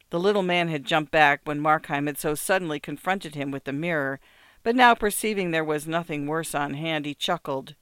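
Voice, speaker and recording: A narrator reading classic fiction in a measured, even way. The voice is smooth and clean, with a dry, close sound and little room. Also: mid-range voice, no echo.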